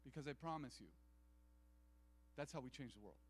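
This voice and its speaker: A man's voice: mid-range voice, animated, normal speed, breathy edge. A man giving an earnest, inspirational speech from a stage at an event. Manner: earnest, repetitive rallying phrasing. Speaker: event speaker. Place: large event hall. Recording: long hall reverb.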